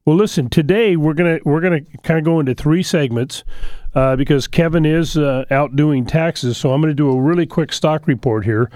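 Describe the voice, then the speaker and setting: A middle-aged man hosting a radio show, his voice pitched a little higher than most men's. He tells stories in a folksy, energetic way, stumbling and restarting as he goes. The studio sound is dry and close. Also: a little fast, no room sound. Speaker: radio show host, financial advisor. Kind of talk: call-in radio talk, storytelling.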